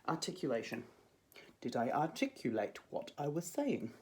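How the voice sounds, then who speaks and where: A woman's voice: very deep voice, big pitch swings, moderate pace, darkish tone. A young adult woman, a drama teacher giving a chatty video lesson to her students with jokey asides.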